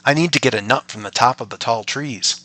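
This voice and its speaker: A man's voice: medium pitch, fairly quick, pushed and bright, no echo. A man voicing a stubborn, brave young princess in a bedtime story. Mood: earnest. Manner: determined, polite.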